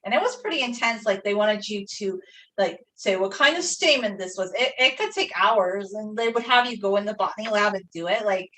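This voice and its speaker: A young woman with a brisk, bright, forceful, medium-pitched voice chats casually while painting on a live stream. She rambles through a story full of fillers like "like," and she sounds a bit far from the mic.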